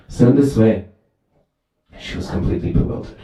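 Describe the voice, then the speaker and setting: A man giving a sermon at a temple, telling a story lively and often asking "right?", heard from far off in a very echoey hall. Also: medium pitch, a little fast, long pauses. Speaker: temple speaker.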